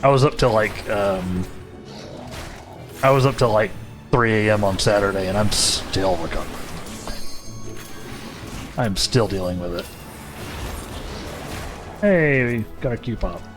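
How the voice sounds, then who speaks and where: A man's voice: on the low side, lively intonation, a little slow, pauses often, music in the background. A man chatting casually with his viewers while playing a game, easygoing and talkative. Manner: easygoing, chatty, addresses chat directly. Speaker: livestreamer.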